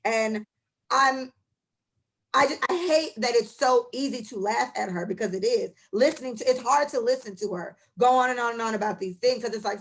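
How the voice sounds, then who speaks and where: A woman's voice: a little high, fairly quick, husky. A woman co-hosting a podcast, giving blunt, profane opinions in casual chat. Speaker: podcast co-host.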